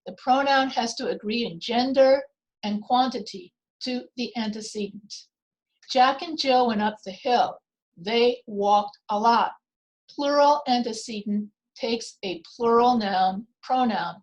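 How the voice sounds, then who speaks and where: Slow-paced woman teaching grammar. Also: on the high side, dull audio. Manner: slow, deliberate explaining with repeated examples. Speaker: writing teacher. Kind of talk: grammar lesson.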